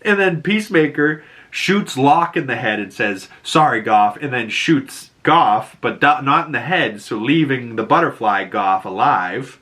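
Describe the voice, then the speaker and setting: A man's voice: medium pitch, expressive, measured pace, few pauses, sharp tone. A man casually recapping a show episode, rambling and loose, with lots of likes and swearing.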